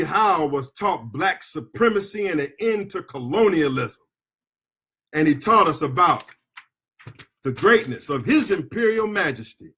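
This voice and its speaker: An attorney and activist from the United States, a middle-aged man, speaks with a high-sitting, slightly rough voice in a heated political speech. Passion drives him to shout at key moments, and he trades call-and-response chants with the audience.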